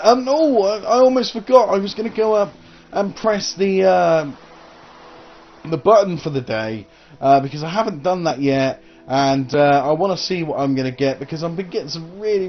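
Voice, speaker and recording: A man's voice: fairly high pitch, slight background noise. Rambling man, dull lo-fi recording. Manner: rambling and hesitant, full of uh and um. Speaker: gaming channel host. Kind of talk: casual gameplay commentary.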